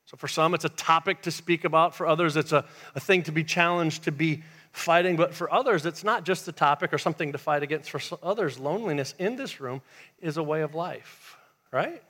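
A male pastor preaching a sermon in church, telling a lively story and dropping to a hush for emphasis. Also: a little high, a little fast. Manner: animated storytelling, swings from loud to hushed. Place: church sanctuary.

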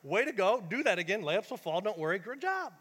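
A man pastor quoting a supportive male youth basketball coach who gives a warm, reassuring pep talk during a sermon. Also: sits high, sing-song, a little fast, in a large hall, heavily acted. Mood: encouraging.

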